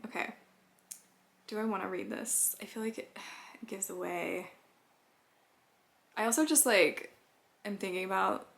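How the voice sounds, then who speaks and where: A young woman chatting casually in a vlog, giddy and self-conscious, laughing often and trailing off. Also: medium pitch. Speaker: writing vlogger.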